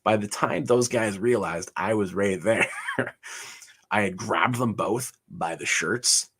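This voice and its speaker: A man's voice: on the low side, takes it slowly, fairly bright tone, slight background noise. A man on a livestream, telling his life story casually, chuckling often and rambling with fillers. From Canada. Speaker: livestream host.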